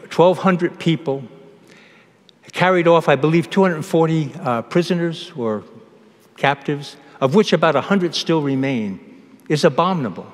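Male priest, fairly high voice, measured homily delivery, long church echo. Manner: measured preaching with pauses and restarts.

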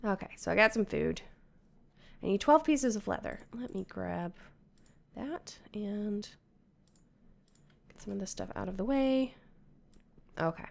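A woman chats her way through a video game, narrating each step to herself in a casual, running commentary. Her mid-pitched voice carries a gravelly, creaky edge. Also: animated, unhurried, long pauses. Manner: chatty, talks to herself while playing. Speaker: Minecraft player.

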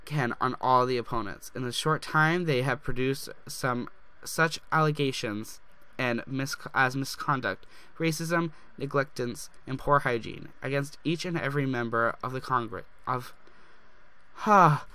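A young man narrating a life-simulation game, reading its text aloud with slips and gushing with excitement. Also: mid-range voice, measured pace, smooth. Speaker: gaming YouTuber. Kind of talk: let's play commentary.

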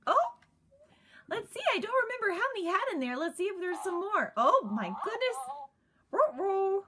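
A woman's voice: very high voice, sing-song, brisk, noisy background. A woman narrating a toy unboxing off camera, gushing and giggly in a sing-song way. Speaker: toy reviewer.

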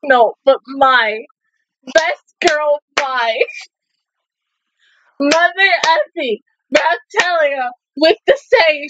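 A woman's voice: high voice, lively intonation, extremely slow, long pauses, dull audio. Tearful young woman reacting to anime. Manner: emotional, swears a lot, laughs between words. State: tearful at times. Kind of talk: casual reaction review.

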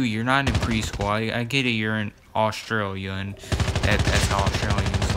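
A man's voice: lowish voice, fairly even intonation, moderate pace, very noisy. A man giving casual, rambling gameplay commentary as a gaming YouTuber, repeating words and filling gaps as he goes. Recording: loud gameplay gunfire underneath. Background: loud game gunfire.

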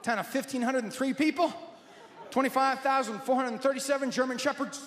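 A male stand-up comedian from Nebraska tells jokes in a lively, bantering way, with a fairly high voice. He is recorded live in a big, reverberant hall. Heavy crowd laughter and noise fill the room around him. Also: brisk. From Nebraska, USA. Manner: animated, jokey storytelling. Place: large venue with audience. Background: loud audience laughter.

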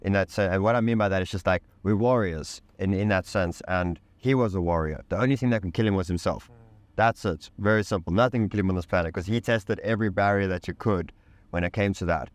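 Deep-voiced man telling an intense story. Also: fast, no echo. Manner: intense and emphatic, casual slang and swearing. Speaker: podcast guest. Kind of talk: candid personal storytelling in conversation.

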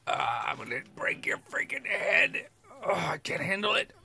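A man's voice: a little high, very animated, normal speed, creaky, sharp tone, breathy edge. A man giving gameplay commentary, grumbling and sarcastic as he talks to his audience. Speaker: let's play gamer.

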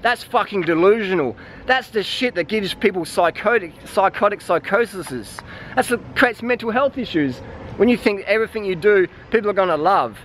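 A man with a notably high voice delivers a blunt, swear-filled monologue. He talks straight at the camera in a preachy, heated way. Faint street and traffic noise sits behind him outdoors. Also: lively intonation, normal speed, fairly bright tone. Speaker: vlogger. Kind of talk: ranting vlog monologue.

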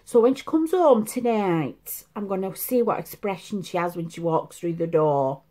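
A woman's voice: mid-range voice, lively intonation, moderate pace, mellow. A woman in her fifties chatting at home in a make-up vlog, rambling and confiding. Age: 50s. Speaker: make-up vlogger. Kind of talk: casual chat. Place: at home, seated.

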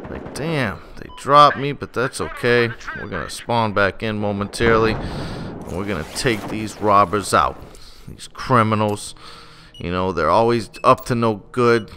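A man's voice: on the low side, unhurried. A man doing live gameplay commentary on his channel, joking and swearing, on a desktop microphone. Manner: profane, joking, animated. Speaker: gaming channel host. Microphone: desktop USB microphone. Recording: noisy, game sounds behind. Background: shooter game sounds, vehicles.

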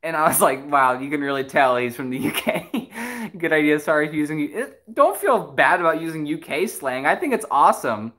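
Excitable, giggly stream host with a mid-range voice, rambling chat between songs. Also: medium pitch, a little fast. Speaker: livestream host and musician. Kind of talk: casual livestream chat.

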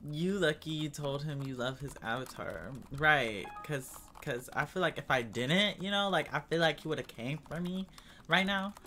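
A man's voice: fairly high pitch, animated, moderate pace, pushed and bright, slight background noise. A man giving casual, dramatic gaming commentary, chatting to his viewers as y'all and breaking into screams when scared. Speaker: gaming streamer.

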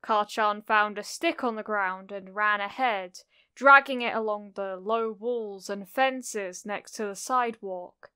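A woman narrating a cozy fan fiction audiobook in a gentle, unhurried storytelling manner. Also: mid-range voice, clear, resonant tone, dry recording, clean studio sound.

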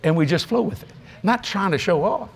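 A man preaching at a convention, telling folksy stories in an animated way with frequent laughs. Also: high-pitched, brisk, vocal fry, husky. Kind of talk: storytelling sermon to a live audience. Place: convention stage.

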